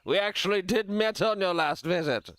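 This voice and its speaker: Man putting on a gruff pompous baron. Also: mid-range voice, animated, fast talker, sharp tone. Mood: haughty. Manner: put-on gruff accent, pompous and genteel. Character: pompous male noble baron. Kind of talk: reading game dialogue aloud.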